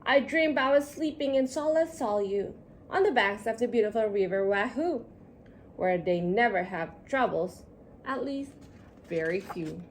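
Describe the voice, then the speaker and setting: A woman reading a rhyming children's storybook aloud in a sing-song, expressive way. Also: on the high side, a little slow, a little hiss or hum. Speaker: storybook reader.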